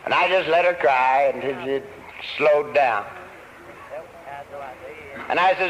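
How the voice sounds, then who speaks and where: A man speaking at a recovery meeting, telling his story in an earnest, deliberate way. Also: on the high side, fairly bright tone. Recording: old lo-fi tape recording.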